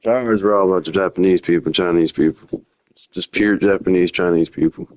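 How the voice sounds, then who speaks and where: On a live stream, a young livestreamer rambles in casual slang, drifting from one story to the next. His very low voice moves fairly quickly and sounds a little mellow. The audio is dry and close, with no room sound or echo.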